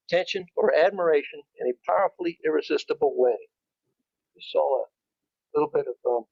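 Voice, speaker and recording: A man's voice: fairly high pitch, vocal fry, slightly rough, dry recording, lo-fi sound. A man giving an informal talk to a club, speaking conversationally and restarting his phrases as he goes. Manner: conversational, repeats and restarts, rising emphasis.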